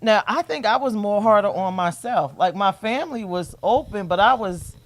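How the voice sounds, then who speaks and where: A woman's voice: medium pitch, expressive, moderate pace. Black lady chatting, telling her story, laughs a lot. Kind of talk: casual chat.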